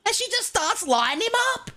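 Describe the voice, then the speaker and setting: A woman playing a brash young male outlaw, cursing through an animated roleplay story. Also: extremely high pitch, moderate pace, over a noisy crowd, voice pushed up. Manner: swears constantly, animated storytelling. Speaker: roleplay streamer.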